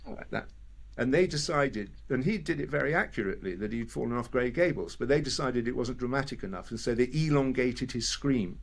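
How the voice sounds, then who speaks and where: An older man from England chatting as an interview guest, telling lively stories, mimicking voices and laughing often. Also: mid-range voice, brisk, creaky. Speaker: actor guest. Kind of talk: casual interview chat.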